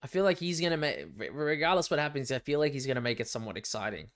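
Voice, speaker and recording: Excitable young Australian man, swearing casually. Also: on the high side, rapid-fire. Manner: chatty, excitable, swears freely. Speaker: livestream fight companion host. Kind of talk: casual live watch-along commentary.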